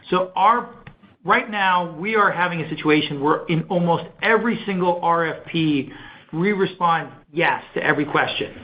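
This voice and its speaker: A man's voice: a little high, muffled recording. A man, a company executive, answering analyst questions on an earnings call in an enthusiastic, conversational way with many fillers.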